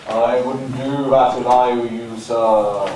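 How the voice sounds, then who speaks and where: A man's voice: mid-range voice, very animated, normal speed, noisy background, lightly acted. A man playing a dry, teasing talking horse in a school stage play, recorded from far off in an echoey hall. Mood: ominous. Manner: dry, teasing, full of wordplay. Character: wry talking two-legged horse, cautious and dry.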